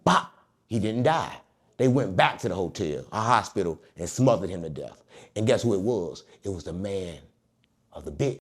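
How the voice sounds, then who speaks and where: A man's voice: deep voice, normal speed, breathy edge. A man telling a story as an interview guest, joking and mimicking the people in it. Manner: animated, joking, mimics others. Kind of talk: casual storytelling.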